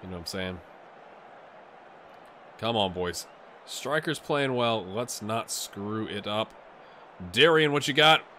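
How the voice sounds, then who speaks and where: A man doing a tired but excitable, jokey play-by-play while he plays a game on video, with asides to his viewers. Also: fairly low pitch, takes it slowly, long pauses, slight background noise. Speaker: gaming YouTuber. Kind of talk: let's play commentary.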